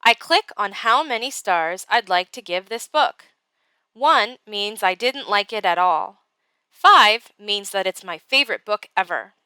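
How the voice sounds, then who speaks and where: Brief: patient woman teacher, bright, clear voice, dry close sound, guiding a class step by step. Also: medium pitch, expressive, no echo. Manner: slow, patient step-by-step explaining. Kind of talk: classroom tutorial and read-aloud.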